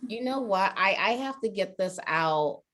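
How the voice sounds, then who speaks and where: A woman's voice: medium pitch, lively intonation, measured pace, fairly bright tone. A woman hosting a panel, effusive and openly moved as she thanks a guest in casual chat. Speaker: host.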